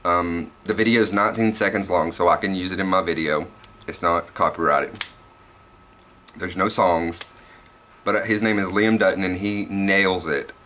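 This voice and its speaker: Young Southern man, bright edgy voice, rambling and cussing in a casual vlog. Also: low-pitched, fairly even intonation, normal speed, slight background noise. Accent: Southern US, Tennessee. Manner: rambling and profane, laughs at himself. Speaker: vlogger.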